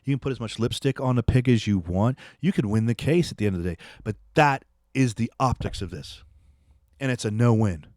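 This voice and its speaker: A man hosting political commentary rants angrily, repeating himself and daring his listeners to respond. His brisk, medium-pitched voice has a darkish tone, recorded at studio quality with no echo.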